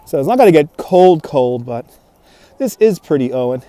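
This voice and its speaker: Casual New male livestream host, slightly high and mellow, phone on gimbal, chatting with viewers. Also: expressive, normal speed, no room sound. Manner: chatty, reads out and answers viewer comments, laughs often. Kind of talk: casual walking livestream chat. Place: outdoors in a snowy park at dusk. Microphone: phone on a handheld gimbal.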